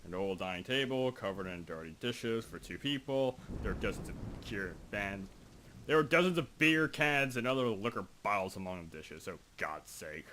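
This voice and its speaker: A man's voice: on the low side, lively intonation, normal speed, sharp tone, slight background noise. A young man giving casual, rambling commentary while playing a video game, reading game text aloud and joking at himself. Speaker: gaming video host. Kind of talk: casual let's play commentary. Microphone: desk microphone.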